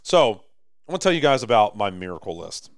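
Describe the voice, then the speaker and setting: A man with an American accent co-hosting a podcast in casual chat, rambling and animated, swinging between loud and soft. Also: on the low side, fairly quick, no room sound, studio quality. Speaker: podcast co-host.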